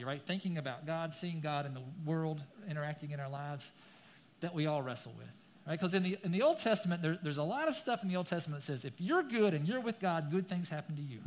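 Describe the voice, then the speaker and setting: A man's voice: on the high side, lively intonation, fast talker, a little hiss or hum. A man preaching a sermon, reading scripture dramatically and turning to the congregation with casual asides. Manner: dramatic scripture reading, rising loud on key lines. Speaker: pastor.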